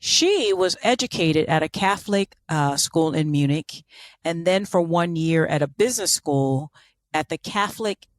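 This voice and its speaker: A woman with a low, animated, unhurried voice co-hosts a podcast, telling a story in casual chat full of sarcastic asides and fillers. The studio sound is clean, with no room echo.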